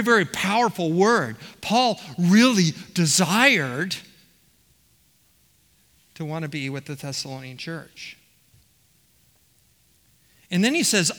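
Preacher, male, high and bright voice, emphatic and questioning, long church reverb. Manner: emphatic, repeats words, asks questions of the congregation. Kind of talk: expository sermon. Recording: long reverb of a large hall.

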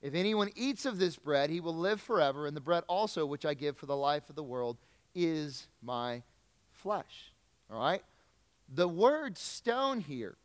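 A pastor with a fairly high voice delivers a sermon in a church sanctuary, his words echoing through the hall. His preaching is conversational, and he puts questions to the congregation.

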